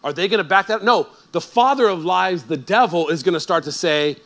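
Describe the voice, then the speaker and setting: A male pastor preaching a sermon in a conversational, animated way that builds to emphatic peaks. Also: high voice, a little fast, few pauses.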